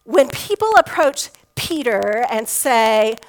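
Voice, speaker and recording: A woman's voice: a little high, lively intonation, slow, low-quality recording. Woman preaching a folksy, conversational sermon. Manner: conversational storytelling with folksy humor. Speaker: pastor.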